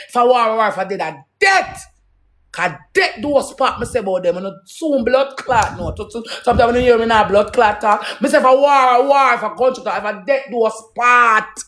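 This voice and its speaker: A woman's voice: fairly high pitch, fairly bright tone. A woman with a Jamaican accent in a heated, profane, preachy rant to her viewers.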